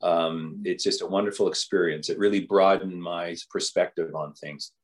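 A man's voice: deep voice, fairly even intonation, normal speed. A man, a bishop telling stories from his life in an interview, rambling with frequent restarts. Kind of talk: storytelling in an interview.

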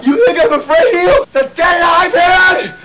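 Screechy gravelly freakout, yelling dares at a ghost, wild pitch swings. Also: male voice, animated, moderate pace, very noisy. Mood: frantic defiance. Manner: screaming, taunting. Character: frantic man shouting at a ghost.

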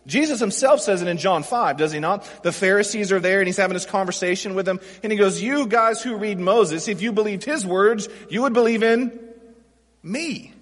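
A pastor delivers a sermon at normal speed in a high, husky voice, keeping it relaxed and conversational while tossing rhetorical questions at the congregation. The hall gives his voice a long, ringing reverb.

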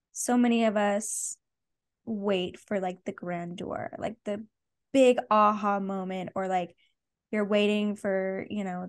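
Slow, reflective woman co-host. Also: mid-range voice. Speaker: podcast co-host. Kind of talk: casual book discussion.

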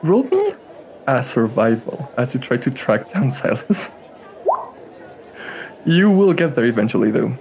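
A man's voice: mid-range voice, very animated, a little slow, gravelly, pauses often, a little mellow. A man running a tabletop game as game master, narrating casually and animatedly with laughs.

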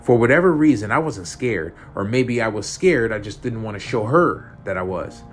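A man's voice: lowish voice, lively intonation, normal speed, a bit bright, soft background music. A man narrating a first-person horror story, tense and profane.

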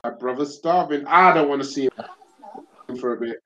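A man's voice: medium pitch, moderate pace, bright, forceful tone. A young man bluntly slating his team in a casual football chat, swearing often. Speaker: football fan co-host. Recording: dull sound with faint noise.

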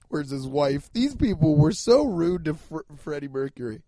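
Profane, animated young comedian. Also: male voice, a little high, moderate pace, few pauses, no room sound. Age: 20s to 30s. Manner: rambling, profane, animated, bursts of shouting. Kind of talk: comedic monologue.

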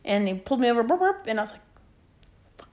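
A woman's voice: fairly high pitch, sing-song, quick pace, a little mellow. A woman in her twenties, a podcast co-host, chatting casually and telling stories full of "like" and acted quotes. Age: 20s. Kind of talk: casual chat.

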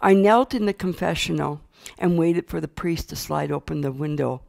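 Older woman with a gravelly voice. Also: low voice, darkish tone. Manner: earnest, unhurried storytelling with fillers. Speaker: storyteller. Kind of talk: personal testimony.

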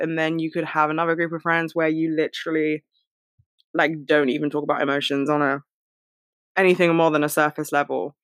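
A young woman talking casually to listeners and giving friendship advice, full of fillers, her voice jumping high when she gets excited. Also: clear, resonant tone, dry recording, studio quality.

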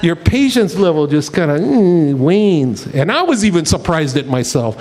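A man's voice: on the high side, sing-song, moderate pace, a little mellow. A man preaching a sermon as pastor, telling stories and laughing at his own jokes.

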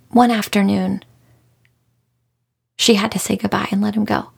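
A woman's voice: mid-range voice, little pitch movement, slow, gravelly, long pauses, breathy edge. A woman hosting a podcast, talking through a book she loved in an earnest, emotional, heartfelt way. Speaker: podcast host. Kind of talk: casual book review monologue.

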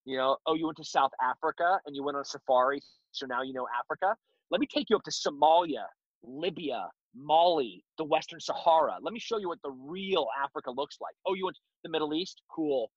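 A man's voice: on the high side, fairly quick, dry recording. A man talking bluntly in an interview, telling stories with mocking asides. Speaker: guest, self-defense instructor. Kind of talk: casual interview talk. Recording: dull lo-fi recording.

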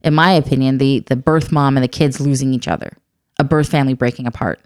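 A woman's voice: very deep voice, steady tone, fast talker, darkish tone, clear, resonant tone, dry recording, studio quality. A woman talking candidly and reflectively in a casual chat, with wry asides. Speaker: adoptive mother.

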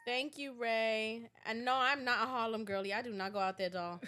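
A woman's voice: on the high side, steady tone, moderate pace, sharp tone. A woman with a New York accent, co-hosting a casual podcast chat in a playful, teasing, slangy way. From Brooklyn and Staten Island, New York. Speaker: podcast co-host.

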